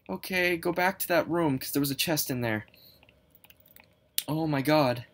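A young woman playing a horror game, panicky and swearing a lot, swinging from low mutters to high shrieks. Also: a little slow, pauses often. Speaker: gaming channel host. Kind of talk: horror game let's play commentary.

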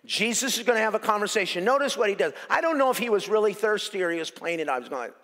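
A male pastor preaching an animated sermon, cracking jokes and hammering phrases by repetition. His voice sits high for a man and carries a gravelly rasp. It rings out with long reverb in an echoey church hall. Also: quick pace.

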